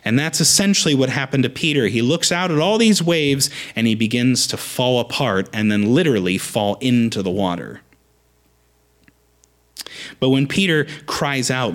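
A man preaching a conversational sermon, lively with frequent restarts. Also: medium pitch, measured pace.

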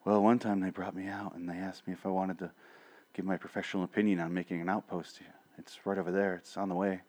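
Man doing a meek adult male, soft, low, mumbled and unsure. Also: flat delivery, quick pace. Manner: quiet, hesitant, mumbling. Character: timid grown man who mumbles everything softly.

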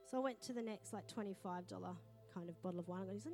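A middle-aged woman pastor, preaching a sermon in a lively storytelling manner. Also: mid-range voice, quick pace, few pauses, faint music behind. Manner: lively storytelling, acting out quoted voices.

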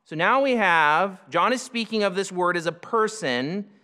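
A man preaching a sermon, explaining scripture in a teaching manner, slowing down for emphasis and often restarting phrases. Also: high-pitched, animated, pushed and bright, long reverb tail. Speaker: pastor.

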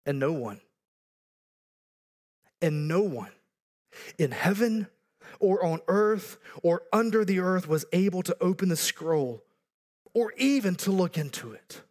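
A man's voice: sits high, expressive, slow pace, long pauses, darkish tone. A pastor in his thirties or forties preaching a sermon earnestly, building to emphatic repeated lines with joking asides.

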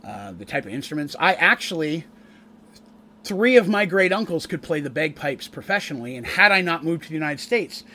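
A man's voice: fairly high pitch, sing-song, fairly quick, sharp tone, slight background noise. A Canadian-raised man recapping a tabletop campaign on stream in a casual, rambling way, often restarting his sentences. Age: adult, eldest grandchild with a wife. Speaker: game master and streamer.

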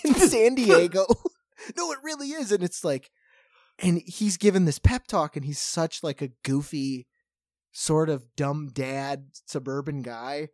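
A man's voice: fairly high pitch, unhurried, dry recording, studio quality. A man co-hosting a podcast, telling a long story in casual chat with lots of fillers. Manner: rambling, animated storytelling with many fillers. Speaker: podcast co-host.

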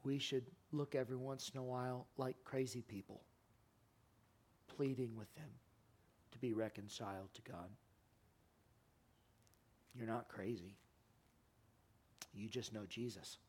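A man preaching a sermon in a church, impassioned, his voice climbing high and loud, then sinking to a quiet, earnest plea. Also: fairly even intonation, measured pace, long pauses, husky. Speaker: pastor. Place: church sanctuary.

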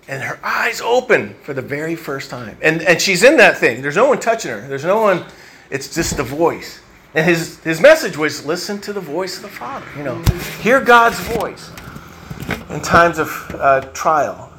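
A male pastor gives a sermon in a church, his voice slightly high for a man and bright, with a forceful edge. He speaks conversationally, reflecting aloud and working through his thoughts with fillers and restarts. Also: very animated, normal speed, slight background noise.

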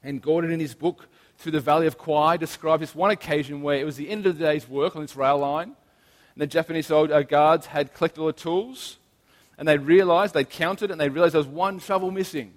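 A man preaching a sermon in an earnest, emphatic way, slowing down to stress key phrases. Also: a little high, steady tone, in a large hall.

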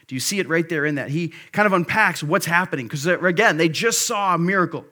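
Man in his thirties, pastor giving a sermon; fairly high, keen tone, relaxed talk with excited flashes. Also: fast talker, few pauses. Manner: conversational and earnest, with bursts of excitement.

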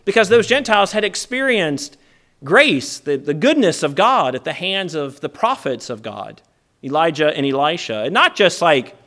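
Chatty, animated male preacher. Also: a little high, normal speed. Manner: conversational, animated, often asks "right?"; acts out the crowd's lines in a lively put-on voice. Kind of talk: sermon.

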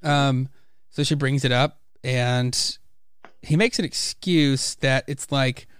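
A man with a smooth, resonant voice chats casually about a comic book, retelling each scene with lively little impressions of the characters. The sound is close and dry, with no room around it. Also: mid-range voice, slow, no room sound. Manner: animated retelling, acts out characters' lines. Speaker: podcast host.

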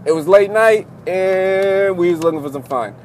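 A man's voice: sits high, moderate pace, a little mellow, a little hiss or hum. A young man telling a rambling, profane story in casual chat, sitting in a car.

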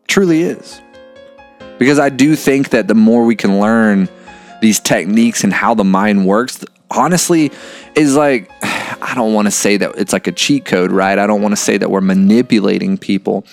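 A man with a low, gravelly voice hosts a podcast in a loose, earnest monologue. He muses aloud, swears casually and keeps calling the listener "man". Faint music plays underneath. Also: normal speed. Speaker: podcast host.

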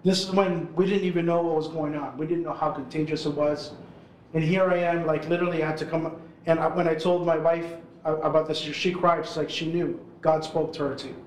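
A man in his forties gives a casual storytelling talk to a live audience. His voice sits high for a man, and he talks in a relaxed, conversational way. The sound carries the roomy echo of a hall. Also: a little fast, a little hiss or hum. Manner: casual, chatty storytelling full of "like" and "right?". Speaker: urban ministry worker speaking at an event.

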